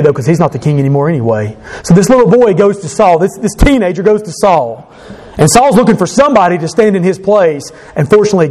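A male preacher with a high voice delivers a sermon. He drives his points home by repeating phrases and tells the story with plenty of emphasis. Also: darkish tone. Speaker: pastor.

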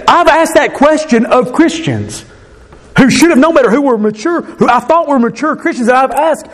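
High-voiced man preaching a sermon. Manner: earnest preaching, acting out quoted voices with emphasis. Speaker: pastor.

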